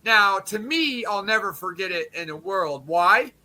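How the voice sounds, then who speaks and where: A man streaming, telling a crude comic story in a profane, rambling way with quick asides. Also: high voice, animated, sharp tone.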